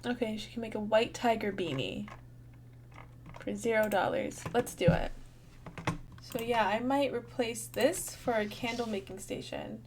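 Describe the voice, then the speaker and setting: A woman in her twenties chats her way through a farming game, bubbly and thinking out loud to her viewers. Her voice sits a little high and she talks at an easy, unhurried pace. Faint keyboard tapping ticks along behind her. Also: lively intonation, a little hiss or hum. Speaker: gaming channel host. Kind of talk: casual gameplay commentary.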